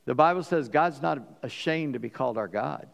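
A man preaching a sermon as pastor, lively and animated, acting out the voices in the story. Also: mid-range voice, fairly quick, vocal fry, in a large hall.

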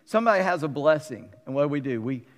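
Middle-aged guy preaching, kinda high voice with grit, chatty and animated, acts out little quotes, long church echo. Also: fast. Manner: conversational and animated, acting out quotes with humorous asides. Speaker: pastor. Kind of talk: sermon. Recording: long reverb of a large hall.

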